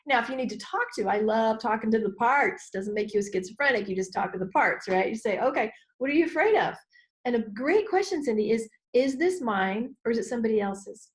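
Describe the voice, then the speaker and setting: A middle-aged woman, a business coach being interviewed, talking expressively and acting out inner voices with sudden high exclamations. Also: lively intonation, brisk. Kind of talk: animated interview talk.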